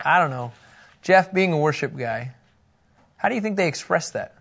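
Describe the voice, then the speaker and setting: A man leading a casual Bible study with a slightly high, gravelly voice. He talks in an animated, loose way and laughs often. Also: normal speed. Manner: animated, laughing, acting out scripture quotes.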